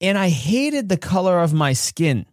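Male host, personal storytelling monologue, slightly high voice, dry close sound, emphatic. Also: sing-song, unhurried, dry recording. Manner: emphatic, acts out childhood dialogue with rising pitch. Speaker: podcast host.

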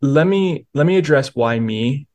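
A man's voice: a little high, expressive, measured pace, a little mellow. A man, a pastor and author, earnestly telling a personal story of faith in a podcast interview, with many restarts.

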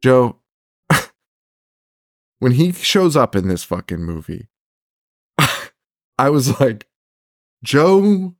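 A man's voice: mid-range voice, sing-song, takes it slowly, long pauses, dry recording, studio quality. A man co-hosting a horror movie podcast in casual chat, laughing often and swearing as he rants. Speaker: podcast co-host.

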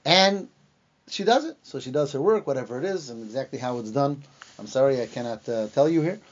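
A man teaching a lesson on the Bible, retelling the story in a lively way and acting out the lines he quotes, with some fillers and restarts. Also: mid-range voice, a little fast. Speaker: Torah teacher. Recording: dull lo-fi recording.

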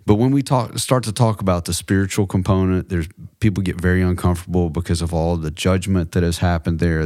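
A man's voice: sits low, darkish tone, no echo, clean studio sound. A man co-hosting a faith-based podcast, talking reflectively and telling personal stories with light humor. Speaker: podcast co-host.

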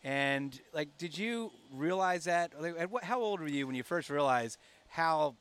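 A middle-aged man hosting a podcast, telling stories in a lively, casual way and laughing often. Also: a little high, unhurried, clear, resonant tone. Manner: animated storyteller, laughs often. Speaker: podcast host. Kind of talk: casual chat.

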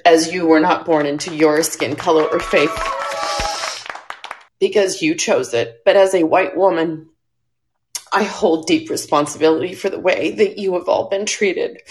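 Tearful woman speaking earnestly on stage. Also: lowish voice. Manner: earnest, apologetic, halting. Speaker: audience member speaking on stage. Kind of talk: emotional public remarks. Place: live stage event.

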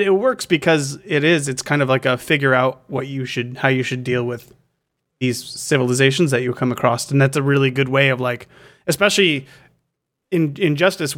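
A man's voice: mid-range voice, a bit bright. A man co-hosting a casual podcast, rambling and restarting his sentences with fillers. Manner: rambling, self-interrupting with fillers. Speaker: podcast co-host. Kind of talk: casual chat.

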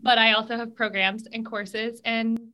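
A woman hosting a podcast interview, chatting casually and dropping in quick, friendly agreement. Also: a little high, level tone, bright, forceful tone, clean tone. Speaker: podcast host.

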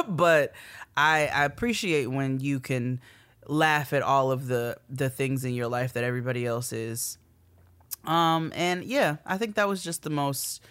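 Animated woman podcast co-host. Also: extremely low pitch, unhurried, smooth. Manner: animated, laughs often, drops to a whisper for asides. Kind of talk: casual chat.

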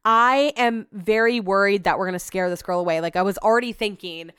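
A woman's voice: medium pitch, a little fast, a bit bright, clean tone, no room sound, studio quality. A young adult woman hosting a podcast, telling rambling, self-deprecating stories with many asides. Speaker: podcast host. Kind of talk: casual chat.

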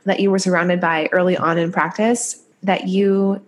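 A woman's voice: on the low side, flat delivery, moderate pace. Woman, podcast co-host, stuffy nose, chatty, laughs easily, faint hiss. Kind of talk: conversational podcast chat.

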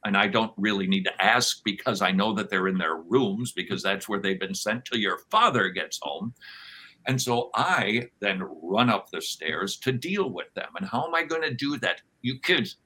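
Forceful low-voiced man teaching with conviction. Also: moderate pace, low-quality recording. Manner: emphatic, animated, acts out quoted voices. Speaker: podcast guest, author. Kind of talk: conversational interview, sermon-like teaching.

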